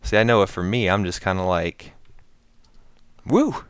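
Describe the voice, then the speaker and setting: A man's voice: low-pitched, fairly even intonation, a little fast, a bit bright, clear, resonant tone, dry recording. An American man hosting his channel, rambling through a casual late-night chat and laughing often. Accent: General American. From United States. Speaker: channel host.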